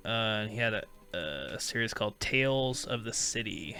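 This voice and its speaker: A man's voice: on the low side, animated, normal speed, sharp tone, faint music behind. A man hosting a call-in talk show, telling rambling anecdotes and laughing through them. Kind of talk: casual storytelling chat.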